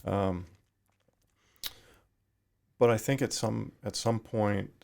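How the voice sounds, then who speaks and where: A middle-aged man, a retired firefighter, talking thoughtfully in a podcast interview, pausing and restarting often. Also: fairly low pitch, steady tone, gravelly, darkish tone. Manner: thoughtful, halting with frequent restarts.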